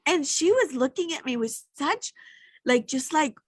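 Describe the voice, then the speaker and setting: A woman's voice: sits high, expressive, measured pace, no room sound. A middle-aged woman co-hosting a casual chat, speaking in a heartfelt, reflective way. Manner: heartfelt and reflective, gets emotional. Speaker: podcast co-host.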